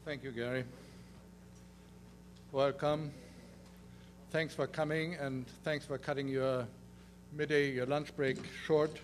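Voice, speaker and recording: An older man from Germany with a heavy German accent, a native German speaker giving a conference lecture in halting speech with many fillers and restarts. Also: mid-range voice, steady tone, slight background noise. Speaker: guest lecturer. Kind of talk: conference presentation.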